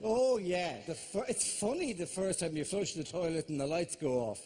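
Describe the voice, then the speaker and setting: Fast-talking Irish man doing stand-up. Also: sits high. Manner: rapid rambling delivery with shouted panicky asides. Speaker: stand-up comedian. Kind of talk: live stand-up comedy. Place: theatre stage. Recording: live venue with audible audience ambience.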